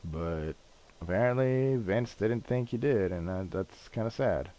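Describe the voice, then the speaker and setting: A man chatting casually on a gaming stream, telling a rambling, excitable story and swearing often. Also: fairly low pitch, a little slow.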